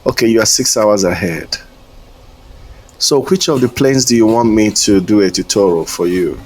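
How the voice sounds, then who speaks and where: A man's voice: on the low side, normal speed, darkish tone, slightly rough. A man streaming a flight simulator, chatting casually in a rambling, hesitant way and chuckling often. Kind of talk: casual live-stream chat.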